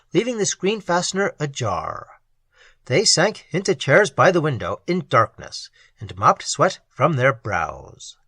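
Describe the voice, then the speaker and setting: Husky, expressive male story narrator. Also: a little high, no echo. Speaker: audiobook reader. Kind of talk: audiobook narration.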